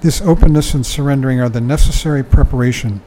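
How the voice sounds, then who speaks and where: Older man giving a mellow dharma talk. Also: medium pitch, fast, a little hiss or hum, low-quality recording. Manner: conversational, chuckling, frequent "you know". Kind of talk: reading a book aloud and commenting.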